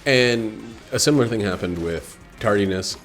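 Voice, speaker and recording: A man with a very deep voice talks loosely while he plays a video game. He wanders from story to story with plenty of "uh" and "like", and he swears casually. Faint game music runs underneath. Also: moderate pace. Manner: meandering, swears casually, many fillers. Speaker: gameplay commentator. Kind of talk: casual rambling commentary over gameplay.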